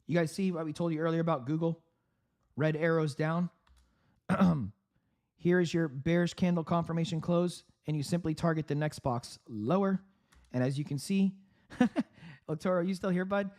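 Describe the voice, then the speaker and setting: A man hosting a live trading stream, giving upbeat market commentary with frequent laughs, clearing his throat and coughing from a sore throat. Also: a little high, fairly even intonation, normal speed, a little mellow. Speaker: trading livestream host.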